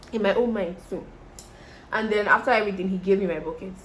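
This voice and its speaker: A young Nigerian woman vlogger with a Nigerian accent talks fast in a mid-range voice, chatting to viewers and telling a story as she does her make-up. She's chatty and animated and speaks directly to her audience. A little hiss or hum is audible.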